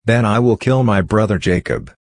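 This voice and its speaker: Male scripture reader, very low voice, measured and even delivery. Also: dry recording, clean studio sound. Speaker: Bible reader.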